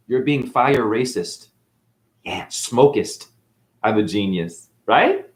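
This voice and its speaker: A man's voice: mid-range voice, expressive, takes it slowly. A man as a spiritual teacher, ranting in a defiant, preachy way, swearing and tossing out mocking asides. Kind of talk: unscripted spiritual rant. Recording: echoey room.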